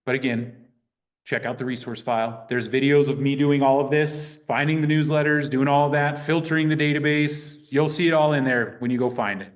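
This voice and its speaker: A man teaching a real estate class in a lively, conversational way, acting out sample phone calls. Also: medium pitch, fairly quick. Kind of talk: teaching a live workshop.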